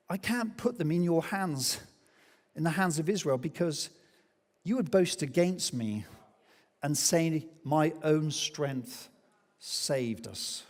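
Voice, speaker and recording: Animated male pastor in a reverberant church. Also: on the high side, slow, pauses often. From England. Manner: animated storytelling, acts out quoted voices. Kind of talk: sermon. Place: church hall. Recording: long hall reverb.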